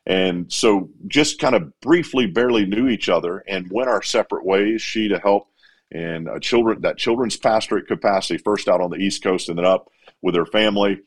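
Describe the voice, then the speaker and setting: A middle-aged evangelist being interviewed, spinning a long personal story. His voice sits somewhat low, and he tells it with animated energy. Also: normal speed. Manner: animated, acts out quotes.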